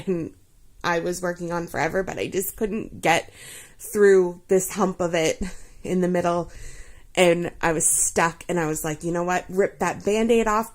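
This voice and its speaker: A woman in her thirties chatting casually about books she has read, rambling and giggly, with lots of fillers. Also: on the low side. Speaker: vlogger.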